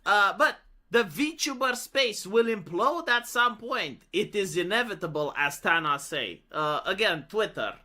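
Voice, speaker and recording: A man's voice: sits high, lively intonation, unhurried, pushed and bright. A man giving casual, profane opinion commentary in a clip, rambling with fillers. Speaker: commentator in a played video.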